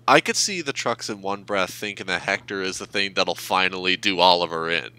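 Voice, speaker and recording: A man's voice: deep voice, a little fast, pushed and bright, smooth. A man co-hosting a casual podcast, thinking aloud with hesitant restarts and fillers. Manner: thoughtful, hesitant, many fillers. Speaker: podcast co-host. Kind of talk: casual chat.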